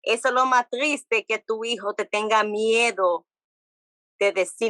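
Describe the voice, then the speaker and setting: Lively bilingual woman, bright voice. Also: medium pitch, measured pace, dry recording, low-quality recording. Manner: animated, switches between English and Spanish, repeats phrases. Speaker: podcast guest. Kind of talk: casual chat.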